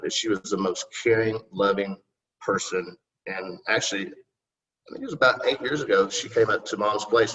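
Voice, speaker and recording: Distant folksy man, lowish voice. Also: a bit bright. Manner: rambling, folksy, polite with "yes, ma'am". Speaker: city council candidate. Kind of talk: casual interview answers. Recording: distant, muffled recording.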